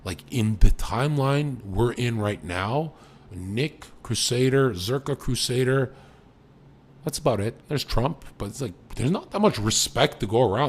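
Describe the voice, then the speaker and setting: A young man streaming live, boastful and profane, jumping between loud bursts and low mutters. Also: lively intonation, measured pace, slightly rough. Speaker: livestreamer.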